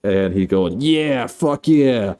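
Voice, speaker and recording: A man's voice: medium pitch, lively intonation, takes it slowly, creaky, pitched above the performer's own voice. A man doing a brash, swearing young guy. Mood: cocky. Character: cocky young man, then screaming in pain.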